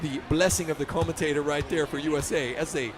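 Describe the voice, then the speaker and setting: A man calls a virtual basketball game with a high, lifted voice. He is excited and keeps punching out the big moments. He sounds like a busy live esports commentator. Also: quick pace, music in the background. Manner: excited, often shouting. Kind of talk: play-by-play commentary.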